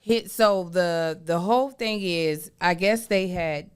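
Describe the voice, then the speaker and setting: A woman's voice: fairly low pitch, takes it slowly, clean tone. A woman co-hosting a podcast, explaining things at length in casual talk. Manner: explains at length, with fillers and restarts. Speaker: podcast co-host. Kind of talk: casual chat.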